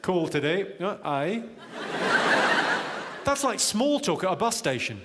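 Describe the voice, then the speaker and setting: Deadpan man doing stand-up in a big hall. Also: high voice, slow pace, very noisy. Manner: deadpan, teasing the crowd. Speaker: stand-up comedian. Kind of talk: live stand-up comedy. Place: large concert auditorium. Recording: echoey live hall, loud audience laughter. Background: audience laughter.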